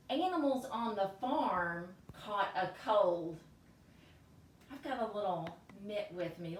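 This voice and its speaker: A woman hosting a children's library storytime, talking cheerfully and leading songs. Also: medium pitch. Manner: cheerful, sings and makes animal sneeze sounds. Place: library room. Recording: roomy, from a distance, faint hiss.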